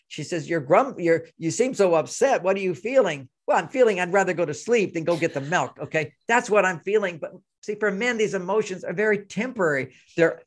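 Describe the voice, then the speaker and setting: An older man, a relationship expert as interview guest, telling animated anecdotes and acting out both sides of the dialogue. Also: a little high. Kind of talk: conversational storytelling interview.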